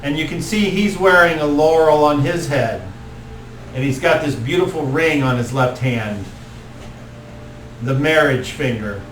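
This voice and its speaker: Slow-talking man game master. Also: a little high. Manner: slow, descriptive narration with restarts. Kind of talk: narrating a tabletop game. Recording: echoey room, mic from far off, faint noise.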